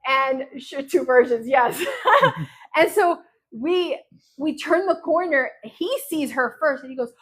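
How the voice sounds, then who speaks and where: Woman host, casual craft livestream, slightly high voice, animated storyteller. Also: takes it slowly. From New Jersey.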